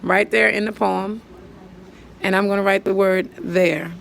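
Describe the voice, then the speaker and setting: Patient woman teacher with a gravelly voice. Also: mid-range voice, steady tone, unhurried, a little hiss or hum. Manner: patient, counts syllables aloud, thinks out loud while writing. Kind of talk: step-by-step poetry lesson.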